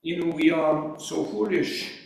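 A man's voice: a little high, unhurried, gravelly. A man preaching a sermon in an earnest, emphatic way, asking rhetorical questions. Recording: echoey hall recorded from far off.

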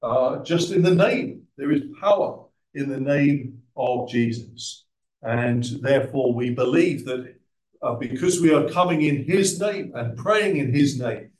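A man preaching a sermon, measured and emphatic, with frequent hesitant fillers. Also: mid-range voice, darkish tone. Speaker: visiting preacher. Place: church in central London. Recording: roomy, distant church recording.

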